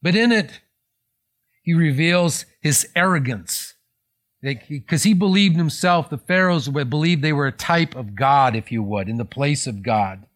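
A man's voice: fairly high pitch, unhurried, a bit bright. A man preaching a sermon in a conversational tone, explaining scripture with frequent restarts and self-corrections. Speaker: pastor.

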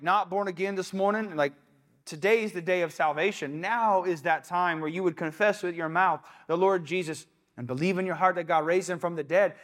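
A man's voice: sits high, fairly bright tone. A young adult man preaching a casual, conversational sermon in a church, breaking into quoted asides. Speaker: pastor. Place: church sanctuary.

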